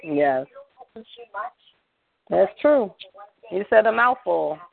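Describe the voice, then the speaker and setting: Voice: mid-range voice, animated, drawn-out words, vocal fry. Affirming host on a tinny phone line. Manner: affirming, frequent agreeing interjections. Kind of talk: call-in talk show hosting.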